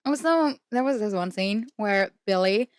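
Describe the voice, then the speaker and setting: A woman's voice: medium pitch, lively intonation, unhurried, no room sound, clean studio sound. A young woman hosting a podcast, ranting in a blunt, profane casual chat and laughing mid-sentence. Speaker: podcast host.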